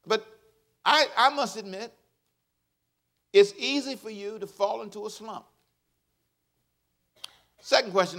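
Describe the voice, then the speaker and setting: A male pastor preaching a lively sermon, leading the congregation in call-and-response and acting out quotes from people. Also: sits high.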